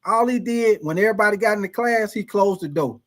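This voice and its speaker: A man's voice: high voice, fairly quick. A man hosting a livestream, casually telling a profane story to his chat, laughing often and calling out viewers by name. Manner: animated, laughing, profane, calls out chat names. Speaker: livestream host.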